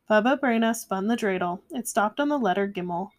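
A woman reading a children's picture book aloud in a gentle, measured way. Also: medium pitch, expressive. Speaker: storyteller. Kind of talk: storybook read-aloud.

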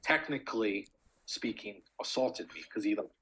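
Young male podcast co-host, husky voice, rambling, profane storyteller. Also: fairly low pitch, expressive, moderate pace, sharp tone, rough recording. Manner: swears a lot, storytelling with many fillers. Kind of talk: casual chat.

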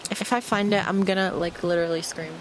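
A woman's voice: fairly low pitch, steady tone, quick pace, slight background noise. A woman in a casual, profane solo monologue from her room, brash and boastful, mixing playful trash talk with laughter.

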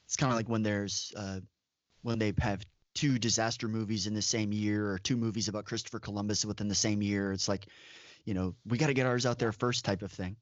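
A man's voice: on the low side, little pitch movement, a little fast, no room sound. Man, podcast co-host, opinionated, dry and dull lo-fi sound. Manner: opinionated, emphatic asides. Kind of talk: casual chat.

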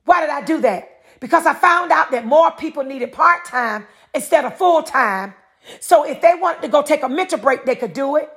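Her voice high-pitched, a bit bright and expressive, a middle-aged podcast host from North Carolina speaks at a moderate pace. She runs a preachy monologue on her own show, over and over answering her own rhetorical questions.

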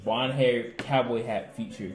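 A young man chats in a laid-back, slangy, offhand way at a middling pitch. His voice rings in a roomy, echoing space, and faint music plays behind him. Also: steady tone, unhurried. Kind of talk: casual chat.

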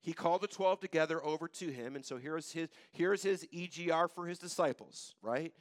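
A man preaching a sermon, retelling scripture in casual everyday words and swinging between loud urgency and quiet, low intensity. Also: brisk, no room sound, studio quality. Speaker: pastor.

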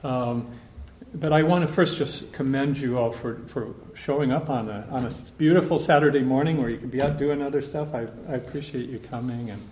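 A priest speaks to a gathered group in a room that rings with echo, a faint hum under him. His manner is loose and anecdotal, as if thinking aloud, his pitch sitting at an ordinary middle. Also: brisk, darkish tone. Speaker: priest giving a conference talk. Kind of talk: conversational retreat talk to a group.

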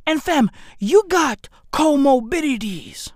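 Loud, profane woman ranting. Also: fairly high pitch, animated, a little slow, dry recording, studio quality. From South Africa. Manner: profane, slangy, bursts into shouting. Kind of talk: comedic rant to camera.

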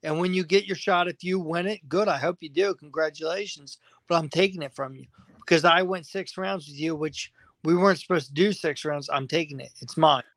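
A man's voice: fairly high pitch, a little fast, fairly bright tone, no echo. A man guest on a podcast interview, agitated and venting, swearing constantly. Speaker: fighter guest.

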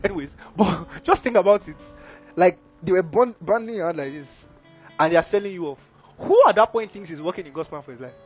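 A man's voice: high-pitched, brisk, soft background music. A man preaching a sermon, who keeps checking in with his audience. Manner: engaging, keeps asking the audience "are we together, guys?".

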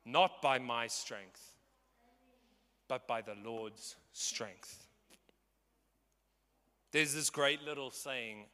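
A man's voice: medium pitch, drawn-out words, pauses often, pushed and bright, long reverb tail. A man in his twenties preaching a sermon with passion and emphasis. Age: 20s.

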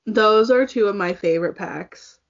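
A woman's voice: medium pitch, normal speed. A young woman co-hosting a casual chat, gushing compliments with a giggly manner. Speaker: co-host. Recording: muffled lo-fi audio.

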